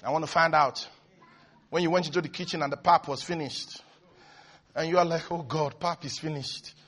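Fervent preacher, high voice. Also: male voice, steady tone, brisk, husky. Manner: fervent, repetitive, rising to shouts. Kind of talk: sermon.

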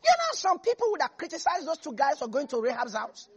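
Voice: sits high, big pitch swings, fast, few pauses, dull audio. A preacher delivering a sermon in an emphatic style, repeating phrases and chuckling between points.

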